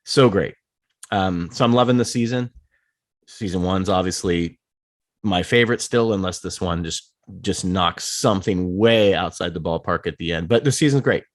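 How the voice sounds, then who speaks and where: A man's voice: low-pitched, moderate pace, dry recording, clean studio sound. A man hosting a casual podcast, rambling and swearing freely as he trails through his thoughts. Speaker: host.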